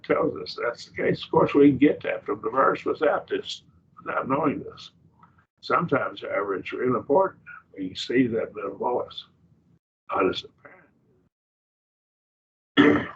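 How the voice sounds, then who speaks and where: A man leads a Bible study class in a church classroom, lecturing slowly with restarts and rhetorical questions. His voice is mid-range and fairly bright, picked up by a distant mic that sounds muffled, with slight background noise.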